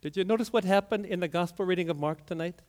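A man preaching a sermon through a story, swinging from hushed lines to loud, emphatic peaks. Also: high-pitched, quick pace.

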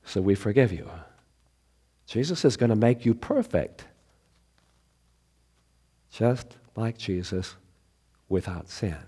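A man preaching as a pastor at an evening church service, his voice hoarse from laryngitis, telling a story in a conversational way and building emphasis on key points. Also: fairly low pitch, animated, slow pace, pauses often, mellow. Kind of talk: sermon with a children's story.

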